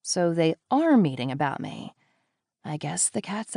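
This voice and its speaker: A woman narrating a first-person thriller audiobook, with wry, deadpan asides. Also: lowish voice, measured pace, creaky, dry recording, clean studio sound.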